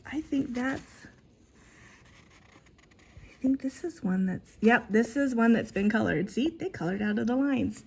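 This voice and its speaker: A woman showing off items from her collection in a casual, excited chat that trails off and restarts. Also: on the high side, unhurried, creaky, pauses often, breathy edge. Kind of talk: casual show-and-tell.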